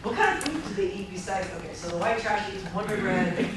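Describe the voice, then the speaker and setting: A woman lecturing to a class, telling funny anecdotes with lively delivery and frequent laughter. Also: medium pitch, a little fast, far from the mic. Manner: lively, storytelling, laughing often. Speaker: anthropology lecturer. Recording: echoey classroom recorded from afar, noisy.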